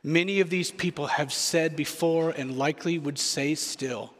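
A man delivers a sermon as a pastor, earnest and reflective, circling back to repeat his key phrases. His voice sits a little on the high side. It rings out with the long reverb of a large hall. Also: unhurried, hardly any pauses.

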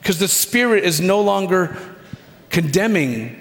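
A man's fairly high voice carries slowly through a reverberant hall. He preaches as a guided meditation, drawing listeners into the scene with a reflective manner and long, dramatic pauses. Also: expressive, fairly bright tone. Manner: slow, reflective second-person storytelling with dramatic pauses.

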